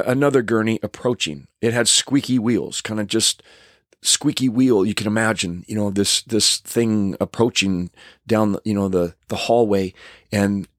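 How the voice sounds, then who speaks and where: A man's voice: fairly low pitch, no echo, studio quality. An older man, a stuntman, telling a casual anecdote in a rambling way with many restarts.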